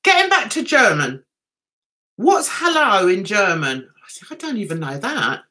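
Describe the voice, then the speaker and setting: A woman's voice: medium pitch, sing-song, unhurried, bright, forceful tone. A woman hosting a casual livestream chat, giggling and chatting as she reads out viewer comments and answers them. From England. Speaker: livestream host.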